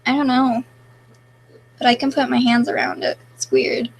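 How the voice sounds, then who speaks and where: Young woman with a gravelly, fry-laced voice. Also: high voice, level tone, moderate pace, rough recording. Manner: reads viewer questions aloud and answers offhandedly. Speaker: live streamer. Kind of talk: casual live-stream chat.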